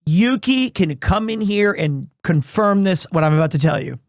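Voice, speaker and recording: Rambling streamer dad, dry close mic. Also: male voice, high voice, normal speed, dry recording. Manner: rambling, animated storytelling with restarts. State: recovering from asthma, clearing throat. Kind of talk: casual live-stream chat. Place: small home room.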